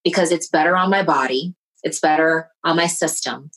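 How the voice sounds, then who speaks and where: Animated lower-voiced woman telling stories. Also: moderate pace, slightly rough, low-quality recording. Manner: animated, acts out quoted voices. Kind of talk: casual storytelling chat.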